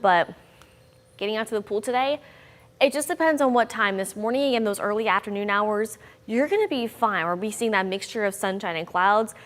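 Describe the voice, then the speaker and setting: Upbeat woman meteorologist, long reverb. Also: mid-range voice. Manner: upbeat, conversational, bouncy emphasis. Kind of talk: chatty weather forecast.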